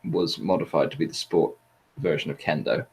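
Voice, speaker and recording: A man's voice: extremely low pitch, moderate pace, husky. A man hosting a casual chat, rambling with hesitant fillers and laughing often. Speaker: podcast host.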